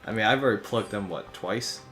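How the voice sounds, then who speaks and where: A man's voice: lowish voice, fast talker. A young man co-hosting a gameplay video, chatting in a laid-back way with short replies and some restarts. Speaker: co-host. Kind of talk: casual gameplay chat. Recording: faint background game music.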